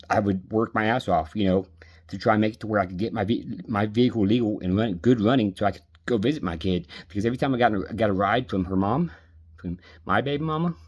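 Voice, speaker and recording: Bitter, husky-voiced man ranting. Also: fairly low pitch. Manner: bitter, aggrieved, profane. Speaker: vlogger venting. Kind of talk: angry personal rant.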